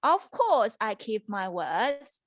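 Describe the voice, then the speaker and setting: A woman's voice: medium pitch, very animated, slow pace, no room sound, lo-fi sound. A woman voicing a cold and cruel young princess in a puppet story, haughty and stern.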